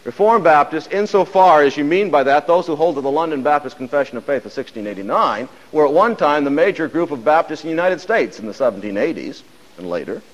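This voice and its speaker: A man giving a measured, emphatic lecture on church history, dropping his voice at the ends of phrases. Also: on the high side, lively intonation, big-room sound, highs cut off.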